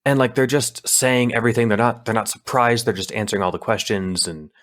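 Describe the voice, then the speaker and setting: Here a male podcast co-host with a medium-pitched, slightly bright voice keeps a steady tone and a fairly quick pace. The conversation is loose and rambling, packed with fillers and false starts.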